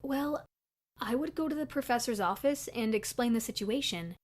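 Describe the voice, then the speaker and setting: A woman voicing a sleepy, easygoing young college guy who gives calm, level-headed advice. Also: fairly high pitch, normal speed.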